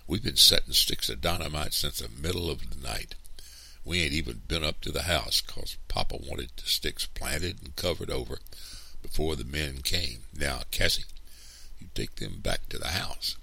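A man's voice: a bass voice, animated, moderate pace, creaky, sharp tone, breathy edge, heavily acted. A man voicing an anxious, bossy teenage boy who talks urgently in a raised voice.

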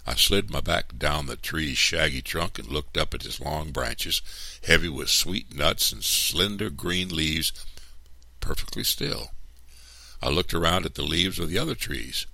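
A man reading a storybook aloud in an expressive, unhurried way. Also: rumbling low, vocal fry, dry recording.

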